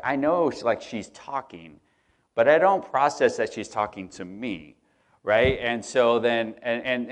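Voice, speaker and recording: A relaxed man giving a sermon in a church, chatty and joking with the people in front of him. His voice sits low and easygoing. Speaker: pastor. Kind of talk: casual sermon. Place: church auditorium.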